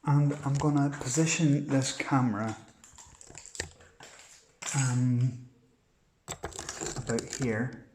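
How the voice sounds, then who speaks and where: A man investigating the paranormal, calling out slowly and politely to spirits inside an old house and pleading with them to answer. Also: mid-range voice, fairly even intonation, noisy background. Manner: slow, polite, pleading questions to the unseen. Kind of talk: ghost-hunting session, calling out to spirits. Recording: echoey room, far from the camera mic.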